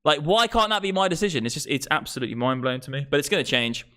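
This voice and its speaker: A man's voice: a little high, animated, very fast, pushed and bright. A young man ranting about politics on his livestream, swearing freely and getting worked up into a microphone. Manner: profane, fired-up political rant. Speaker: crypto livestream host. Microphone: streaming microphone.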